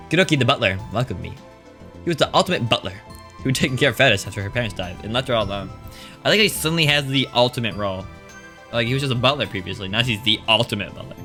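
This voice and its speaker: Streaming a visual novel, a man reads its text aloud, then drifts into rambling, joking asides full of restarts. His voice sits lowish and comes out pushed and bright, the casual sound of let's-play commentary.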